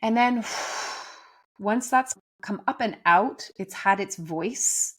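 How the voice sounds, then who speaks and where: A woman giving a gentle, earnest spiritual talk from home, speaking emphatically and often restarting her phrases. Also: mid-range voice, slow pace. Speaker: spiritual teacher. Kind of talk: reflective spoken talk.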